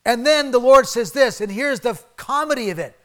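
A man preaching a sermon in a conversational way, swinging from emphatic bursts down to soft, hushed asides. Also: very high voice, expressive, moderate pace. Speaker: pastor.

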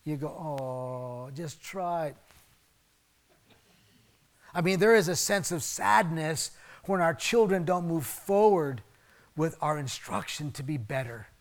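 Man preaching, loud then hushed. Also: a little high, moderate pace. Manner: conversational, swings from emphatic to soft and hushed. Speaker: pastor. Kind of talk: sermon.

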